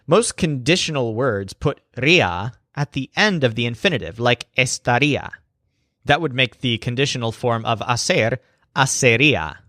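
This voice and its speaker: A man narrating a scripted language lesson as teacher, slowing down to spell out example phrases. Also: medium pitch, animated, bright, forceful tone, no room sound, studio quality.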